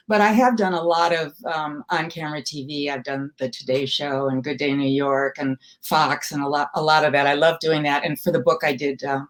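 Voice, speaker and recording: A woman's voice: sits low, moderate pace. Wry older woman telling stories. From Milwaukee, USA. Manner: wry, self-deprecating, anecdotal. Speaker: guest, comedy writer. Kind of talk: casual interview, storytelling.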